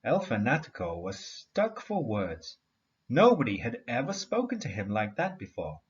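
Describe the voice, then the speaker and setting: A man reading a story aloud to a class in an expressive storytelling manner. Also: medium pitch, normal speed, highs cut off. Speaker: teacher.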